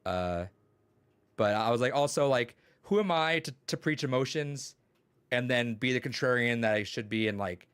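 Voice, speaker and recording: A man's voice: mid-range voice, normal speed, fairly bright tone, smooth, no echo. A young man chatting casually on a podcast, telling rambling stories full of swearing and quoted dialogue. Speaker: podcast co-host and teacher. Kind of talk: casual chat.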